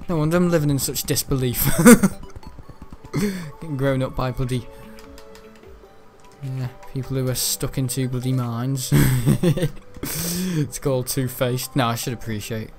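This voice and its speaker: A man giving rambling, chatty gameplay commentary, laughing often and breaking into excitable outbursts. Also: mid-range voice, slow pace, long pauses, faint music behind. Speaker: gaming channel host.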